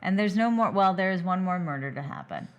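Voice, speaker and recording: A woman's voice: lowish voice, lively intonation, fairly quick, muffled recording. A woman co-hosting a podcast in casual movie-review chat, retelling scenes step by step. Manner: chatty, recounts scenes step by step. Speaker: podcast co-host.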